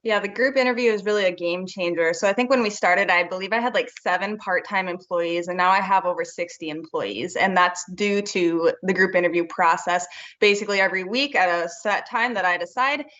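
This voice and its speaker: A woman who owns a business, explaining her hiring process in a brisk, matter-of-fact way as a podcast guest. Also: fairly low pitch, fairly bright tone, dull audio. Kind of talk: podcast interview answer.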